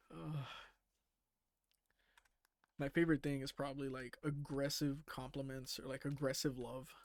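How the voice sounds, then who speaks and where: Streaming a game, this man chats casually with plenty of swearing, frequent laughter, and muttering to himself. His mid-range voice is flat and slow, broken by long pauses, and the recording has no room sound.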